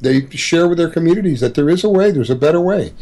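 A man speaking as a guest on a talk radio show, explaining his views calmly and earnestly. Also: a little high, fast, poor audio. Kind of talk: casual talk radio chat.

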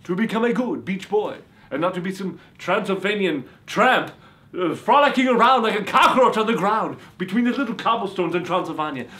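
Speaking fairly quickly in a high voice with lively intonation, a man performs a hammy, boastful male vampire who claims to be a reformed beach boy. The sketch is campy and theatrical, with sudden shouts.

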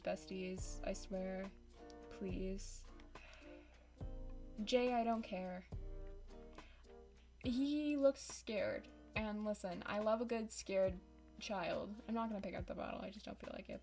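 A woman's voice: medium pitch, darkish tone. A woman giving casual, dramatic and sarcastic commentary over a game, close on a desk microphone. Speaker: YouTuber.

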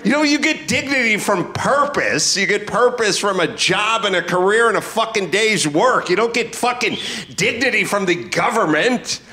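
High, bright, shouting ranting man. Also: lively intonation, moderate pace. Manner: angry ranting, profane, shouting. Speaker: podcast host. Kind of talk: live comedy podcast rant. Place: live comedy club stage.

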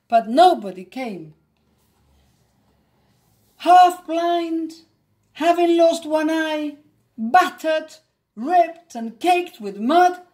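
A woman reading a children's storybook aloud in an expressive, dramatic way. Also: high voice.

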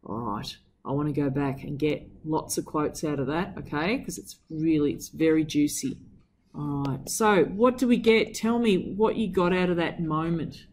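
A woman teacher reads from a novel and analyses it with enthusiasm, swinging her emphasis up and down. Her voice sits on the low side, and she keeps asking her students questions. Faint noise runs behind her. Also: moderate pace, darkish tone. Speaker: English teacher. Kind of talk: reading aloud and literary analysis.

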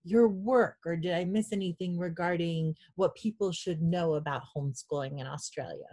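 A woman's voice: on the low side, moderate pace, mellow, no echo, studio quality. A middle-aged woman with a Southern US accent, hosting an interview in an enthusiastic, gushing way. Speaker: host. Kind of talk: casual interview chat.

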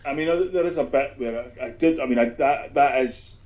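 Man, Scottish accent, author guest, animated storyteller, sweary, muffled lo-fi sound. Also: mid-range voice, brisk. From Scotland. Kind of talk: casual interview chat. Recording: dull lo-fi sound.

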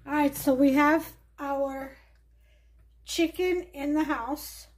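A woman's voice: high voice, steady tone, slow. A woman with a mixed Southern and New York accent hosts a casual home cooking demonstration, chatting in a laid-back way while she works in her kitchen. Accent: mix of Southern US and New York. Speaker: cooking show host.

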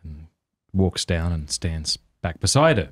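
Husky low-voiced host, lively pitch. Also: male voice, normal speed, dry recording, studio quality. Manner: playful, chuckling, reads listener questions. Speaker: podcast host. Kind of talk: casual interview chat.

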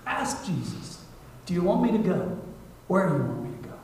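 A man preaching as a guest missionary in a church sermon, conversational, acting out prayers and dialogue, moving from hushed asides to loud appeals. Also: high voice, very animated, unhurried, slight background noise. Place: church sanctuary. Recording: echoey church hall, mic at a distance.

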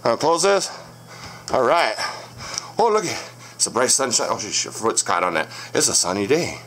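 Speaking at medium pitch, very animated and a bit bright, a man keeps a moderate pace as he scolds his commenters in a profane, combative home vlog. He hosts a channel showcasing haunted dolls. The casual monologue is filmed on a stand-mounted camera in a room with dolls and a crib.

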